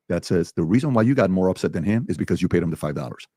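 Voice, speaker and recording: A man with a very deep voice tells a story at a brisk clip and acts out each character's lines in turn. The recording is close and dry. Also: expressive, warm tone, breathy edge, no room sound. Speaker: speaker in a played clip. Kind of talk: storytelling to an audience.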